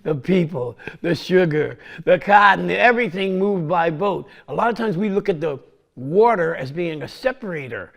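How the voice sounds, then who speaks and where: An American man gives a lively, conversational history talk, acting out each side and often checking in with "right?". His voice is slightly high for a man and carries a gravelly edge. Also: moderate pace. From United States. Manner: conversational, acts out both sides with quoted voices, says "right?" often. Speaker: history presenter.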